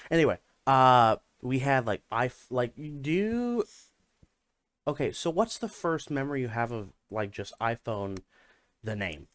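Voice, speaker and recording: A man's voice: mid-range voice, very animated, unhurried, a bit bright, dry recording. A young man co-hosting a podcast, talking in a rambling, casual way with many fillers and restarts. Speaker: podcast co-host. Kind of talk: casual chat.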